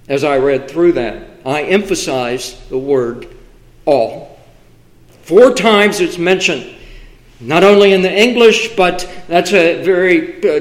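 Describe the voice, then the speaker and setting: Male preacher, high-pitched, unhurried, emphatic, with measured pauses. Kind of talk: sermon. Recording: echoey room.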